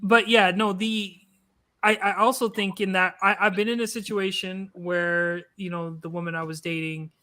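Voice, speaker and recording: Earnest high-voiced man panelist. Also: little pitch movement, normal speed, sharp tone. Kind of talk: casual panel chat on a video call.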